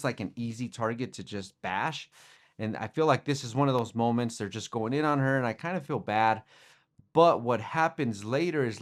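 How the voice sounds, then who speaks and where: A young man hosts a casual sports podcast, talking at an everyday middle pitch. He rambles from point to point, doubling back and filling gaps with ums and restarts. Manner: rambling, conversational, many fillers and restarts. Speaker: podcast host.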